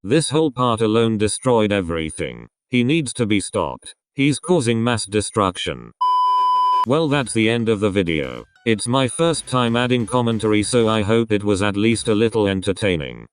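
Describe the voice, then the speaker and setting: A young man giving casual, excitable reaction commentary as a fan, swearing often and gushing. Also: lowish voice, normal speed, noisy background. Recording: loud music under voice.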